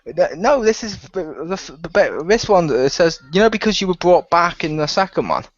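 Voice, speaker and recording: A man hosts a gaming podcast and rambles through an animated story, laughing often. His voice sits a little high. The recording is muffled and lo-fi, with a dry room. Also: normal speed, no echo. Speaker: podcast host. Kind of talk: casual chat.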